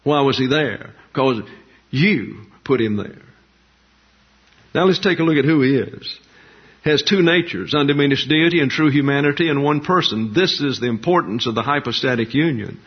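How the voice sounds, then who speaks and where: A man preaching a doctrinal sermon in a measured, emphatic way, listing terms one by one. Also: mid-range voice, husky. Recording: dull lo-fi sound.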